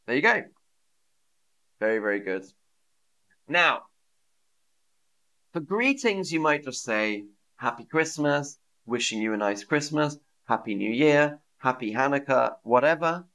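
A man teaching English on a live stream, slowly repeating phrases for learners and reading out viewers' comments. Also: medium pitch, expressive, sharp tone.

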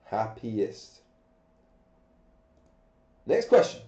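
A man's voice: lowish voice, sing-song, very slow, warm tone. A man, sick and coughing, teaching grammar on a live stream with patient step-by-step questions. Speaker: English teacher. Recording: echoey, dull lo-fi room sound.

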